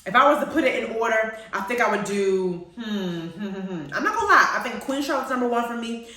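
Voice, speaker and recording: A woman hosting a radio show, chatting casually about TV shows in a playful, animated way and laughing often. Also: a little high, brisk. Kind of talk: casual chat reviewing TV shows. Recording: very echoey, far from the mic.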